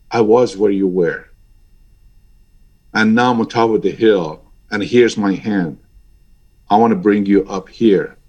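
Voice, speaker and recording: An Iranian airline pilot in his sixties gives an interview over a remote link. His voice is lowish and a little mellow, and he talks passionately and emphatically, rising sharply when he gets stirred up.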